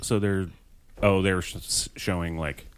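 A man co-hosting a podcast in casual chat, slow and halting, often breaking into laughs. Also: low-pitched, steady tone, smooth, no room sound. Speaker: podcast co-host.

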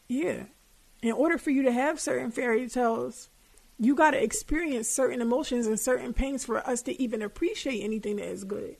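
A woman's voice: a little high, creaky, a little mellow. Profane, candid young woman podcaster. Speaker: podcast host. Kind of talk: casual advice monologue.

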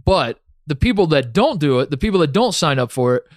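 A man's voice: on the high side, sing-song, fairly quick, no room sound, clean studio sound. A young man co-hosting a sports podcast, talking in a sarcastic, rambling way with lots of fillers. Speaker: podcast co-host. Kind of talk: casual sports chat.

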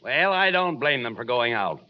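A man's voice: mid-range voice, big pitch swings, moderate pace. A man playing the straight man in 1940s radio comedy, scolding and explaining with exasperation. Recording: muffled old radio broadcast.

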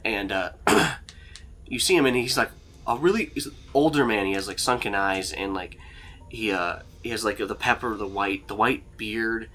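Bright-voiced rambling male game master. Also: on the low side, moderate pace, a little hiss or hum. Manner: rambling, laughing, casual swearing. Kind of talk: narrating a tabletop game.

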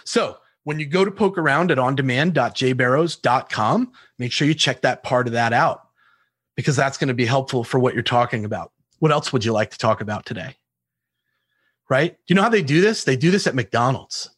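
A man sharing cold-calling tactics in an interview, animated, laughing often and acting out both sides of phone calls. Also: medium pitch, fairly quick, slightly rough, dry recording, studio quality. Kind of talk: energetic sales talk with acted-out call examples.

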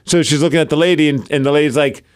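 Podcast co-host, male, slightly high voice, lively storyteller who acts out the dialogue. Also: racing, clean tone. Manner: animated storyteller, acts out quoted lines. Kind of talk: casual chat.

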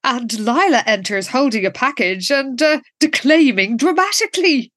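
Woman co-host with a lively high voice. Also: moderate pace, no room sound. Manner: reads episode blurbs aloud and comments wryly. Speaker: podcast co-host. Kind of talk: casual chat reviewing an episode.

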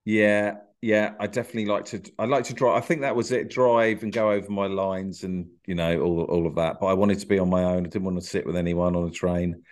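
A man's voice: deep voice, steady tone, fairly quick, few pauses. A man guesting on a podcast, talking shyly with dry, self-deprecating humour. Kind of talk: casual podcast interview.

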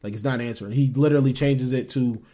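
Animated young man talking fantasy football. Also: mid-range voice. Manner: animated, quick, trails off and restarts. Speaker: podcast co-host. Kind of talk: casual sports chat.

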